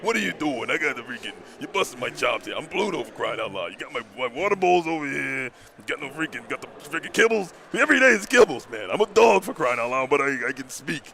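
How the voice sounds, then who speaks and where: A man voicing Pluto the cartoon dog as a gruff male New York-area talker with a low, deep voice. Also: sing-song, quick pace, few pauses, bright, forceful tone, exaggerated voice. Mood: exasperated.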